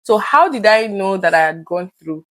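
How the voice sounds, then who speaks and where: A woman's voice: mid-range voice, normal speed, dry recording. Woman, guest, candid conversation, earnest, acts out past talks, dry close sound. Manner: earnest, reenacts conversations with lively quoted voices.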